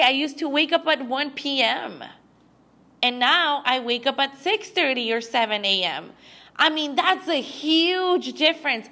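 A young woman hosting a podcast, talking through an emotional personal monologue in a halting way, full of restarts, close to tears. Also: a little high, sharp tone. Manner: halting, with frequent restarts and fillers. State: teary. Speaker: podcast host.

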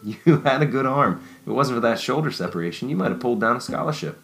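A man voicing a weary young man, low-key and wryly joking. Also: expressive, fast, a bit bright, faint music behind, rough recording.

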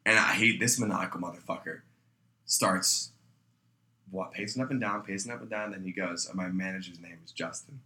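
Young dude, super bright tone, swears a lot, rambling kitchen story. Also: male voice, low-pitched, moderate pace. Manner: profane storyteller who shouts out the voices in his stories. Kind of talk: casual chat.

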